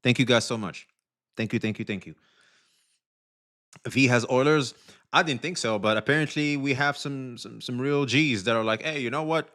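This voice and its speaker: A man live-streaming, who swears a lot and keeps thanking donors in a casual, animated way. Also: mid-range voice, moderate pace, pauses often. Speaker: livestreamer.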